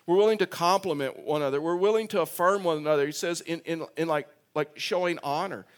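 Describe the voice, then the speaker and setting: A pastor preaches conversationally, telling a personal story at a quick pace in a slightly high voice. He often repeats words and restarts sentences, raising his voice for emphasis.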